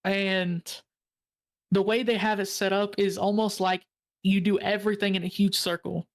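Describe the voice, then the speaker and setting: A young woman guest chats on a stream at an easy middle pitch. She tells her stories in a relaxed, unhurried way. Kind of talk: casual chat.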